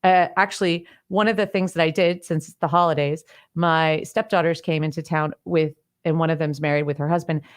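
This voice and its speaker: A woman's voice: steady tone, fairly quick. A middle-aged woman coaching on clutter in a solo teaching talk, explaining step by step with everyday examples and acting out quoted lines. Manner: acts out quoted lines with bigger pitch swings. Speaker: decluttering coach.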